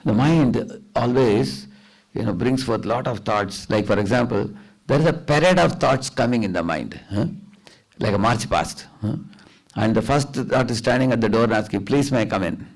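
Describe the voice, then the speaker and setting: Male preacher, mid pitch, teaching a temple audience and asking for agreement. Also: moderate pace, vocal fry, low-quality recording. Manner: instructive, asks the audience for agreement, chants the mantra aloud to demonstrate. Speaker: visiting preacher. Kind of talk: devotional lecture on chanting. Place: temple hall.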